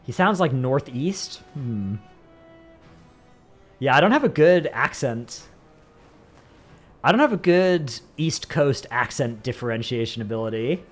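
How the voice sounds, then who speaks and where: Soft music plays behind a man whose medium-pitched voice has lively intonation. He speaks a little slowly and pauses often. A Northern Californian streamer from the Bay Area, he chats casually with viewers, rambling and saying "like" frequently.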